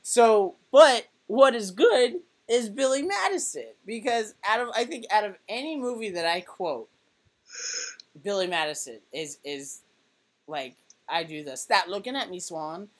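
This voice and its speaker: A woman in her twenties co-hosting a podcast, chatting casually and telling an animated story full of fillers. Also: medium pitch, a little slow. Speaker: podcast co-host. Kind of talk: casual chat.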